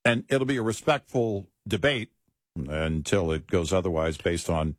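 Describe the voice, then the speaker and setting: A middle-aged man co-hosting a talk show, chatty and animated in casual political conversation. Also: low voice, normal speed, no echo, clean studio sound. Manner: animated, chatty, laughs easily. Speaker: talk radio co-host.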